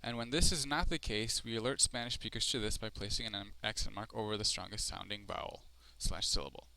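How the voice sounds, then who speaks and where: A man's voice: lowish voice, gravelly, sharp tone, slight background noise. A man giving a recorded screencast lesson as a Spanish teacher, explaining step by step with frequent ums. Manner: explanatory, slow and deliberate with frequent fillers.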